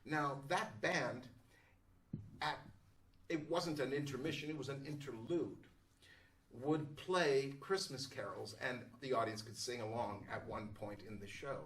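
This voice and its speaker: A stage actor recalls a theatre show at an easy, unhurried pace, stopping for small pauses. His voice sits in the middle of the range and is recorded with some distance from the microphone. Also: medium pitch, fairly bright tone, a little hiss or hum. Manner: unhurried, descriptive, with pauses and fillers. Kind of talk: anecdotal storytelling. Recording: voice distant from the mic.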